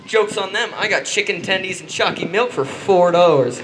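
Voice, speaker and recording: Young male stand-up comic, high, animated delivery, self-deprecating, faint room noise. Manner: halting, self-deprecating, stumbles and restarts. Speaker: stand-up comedian. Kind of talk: stand-up comedy set.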